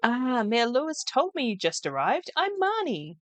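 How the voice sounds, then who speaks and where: A woman's voice: fairly high pitch, wildly swooping pitch, moderate pace, dry recording, pitched above the performer's own voice. A woman voicing a kind, middle-aged woman rancher from a farming video game, in a welcoming tone.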